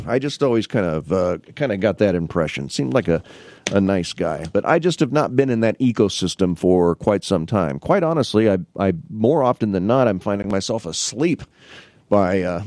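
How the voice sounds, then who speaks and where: A man's voice: medium pitch, darkish tone, dry recording. A man filling in as host on a local radio talk show, chatting casually with rambling restarts and wry asides from a studio mic.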